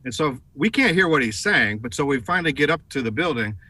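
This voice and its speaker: A bright, forceful male voice, middle-aged and American, telling a long anecdote on a talk show. He talks animatedly and jumps up in pitch when he quotes the people in his story. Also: fast talker, no room sound. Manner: animated, raises voice for quoted lines. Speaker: guest, advertising executive. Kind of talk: storytelling in a TV interview.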